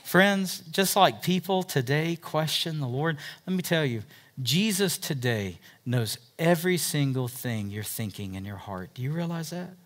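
Bright-voiced man preaching a sermon. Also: on the high side, animated, a little slow. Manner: preaching with swings from loud emphasis to hushed asides. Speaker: pastor.

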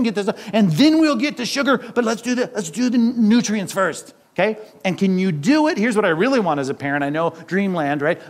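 A middle-aged man, a pastor with kids, preaching a conversational sermon full of rhetorical questions. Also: sits high.

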